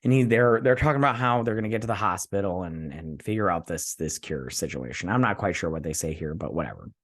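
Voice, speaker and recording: A rambling, chatty man, sounding tired, walks through an episode in a loose, casual recap. His voice sits a little low and keeps slipping into "and I was like" asides. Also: animated, quick pace. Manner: rambling, chatty retelling full of "I'm like". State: tired, yawning. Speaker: TV review host.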